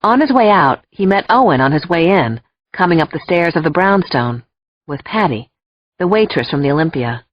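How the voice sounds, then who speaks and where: A woman narrating an audiobook in an expressive, emotional first-person storytelling voice. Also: deep voice, moderate pace, slight background noise. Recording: dull lo-fi dry recording.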